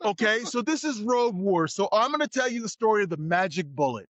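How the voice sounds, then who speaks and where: A man as interview guest, telling road stories in a lively way and acting out the voices of the people in them. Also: high voice, brisk, no room sound, muffled recording. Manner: acts out voices and shouts in his stories. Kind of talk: animated storytelling.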